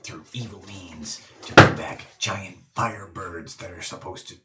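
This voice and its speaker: A man with a very low voice trades dry remarks at a tabletop game. He sits far from the mic in an echoey room. A clear hiss runs behind him. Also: a little slow. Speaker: player. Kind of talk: casual tabletop chat. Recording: roomy, distant, noisy.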